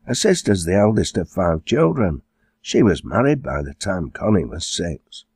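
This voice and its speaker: A kindly, fussing middle-aged farmer's wife, played by a male narrator. Her voice sits somewhat above his deep natural register, with a husky grain. She speaks with a lively, sing-song lift. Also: moderate pace, dry recording, clean studio sound, full character voice. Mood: motherly.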